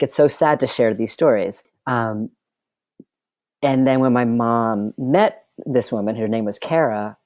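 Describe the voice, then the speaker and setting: A man's voice: medium pitch, darkish tone, no echo, studio quality. A middle-aged man, a filmmaker guest, telling personal stories in a wry, chatty way full of filler words. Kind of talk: candid personal storytelling.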